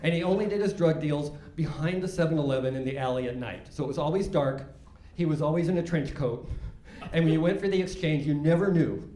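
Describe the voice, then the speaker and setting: Older male stand-up, high animated voice, rambling self-deprecating delivery, echoey room. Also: brisk. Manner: self-mocking, rambling, with frequent false starts. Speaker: stand-up comedian. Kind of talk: stand-up comedy set.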